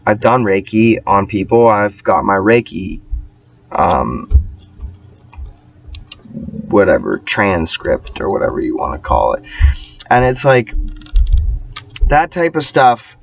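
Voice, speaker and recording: A man ranting in a casual vlog monologue, emphatic and profane, rambling with many restarts. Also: on the low side. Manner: often mimics other people's voices. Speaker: vlogger. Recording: dull lo-fi sound, dry.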